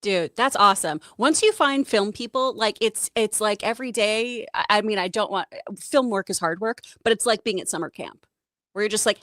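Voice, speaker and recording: A woman co-hosting a casual show, chatty and enthusiastic with quick reactions. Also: mid-range voice, a bit bright, dry recording, studio quality. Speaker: co-host. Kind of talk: casual chat.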